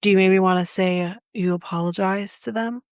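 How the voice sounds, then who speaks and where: A woman's voice: medium pitch, fairly even intonation, fairly quick, no room sound, studio quality. A Canadian woman co-hosting a podcast, retelling a story in casual chat in an indignant, impassioned and blunt way. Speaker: podcast co-host.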